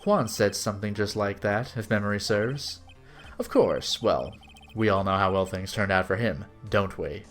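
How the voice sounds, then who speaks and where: A man's voice: fairly low pitch, animated, moderate pace, soft background music, pitched below the performer's own voice, close to an everyday voice. A man voicing a two-faced young male celebrity who turns out to be a villain, taunting in a mock-sweet tone.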